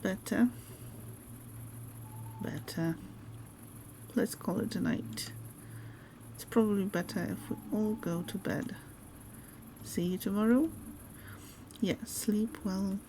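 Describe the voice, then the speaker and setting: A woman streamer chatting casually while gaming, relaxed and friendly, greeting viewers by name. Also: medium pitch, measured pace, long pauses, a little hiss or hum.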